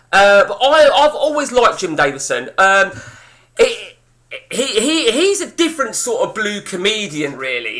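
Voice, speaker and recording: High, bright-voiced man ranting. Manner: blunt, profane, ranting. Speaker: host. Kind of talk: casual gameplay commentary chatting with viewers.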